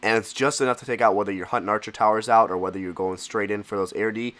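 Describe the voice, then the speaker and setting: A man's voice: lowish voice, fast talker. Congested young man commenting on gameplay. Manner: excitable, casual. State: congested with a cold. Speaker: gaming channel host.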